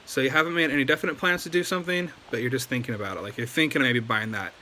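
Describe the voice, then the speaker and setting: Man, casual lesson host; bright, chatty, lots of filler, faint hiss. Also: medium pitch, very fast. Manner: loose and chatty, many ums and likes. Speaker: language teacher.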